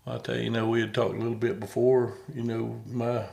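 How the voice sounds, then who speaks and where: A man's voice: mid-range voice, flat delivery, fast, vocal fry, warm tone. A man hosting a podcast in casual conversation, folksy and rambling, often repeating words as he starts a thought. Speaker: podcast host.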